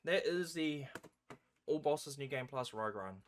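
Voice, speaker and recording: A man's voice: mid-range voice, lively intonation, unhurried. A man casually commentating his own speedrun with joking, sarcastic asides.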